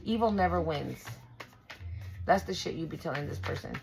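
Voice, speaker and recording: A woman's voice: sits low, lively intonation, normal speed, vocal fry, over music, low-quality recording. A woman doing a casual tarot reading for her viewers, blunt and profane, repeating and restarting herself for emphasis. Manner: blunt and profane, swears freely; emphatic and repetitive, restarts often. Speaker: tarot reader.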